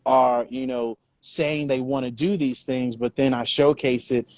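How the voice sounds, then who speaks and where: A man's voice: medium pitch, steady tone, unhurried, darkish tone, dry recording. A man speaking as a business coach, earnest and motivational, with many filler phrases.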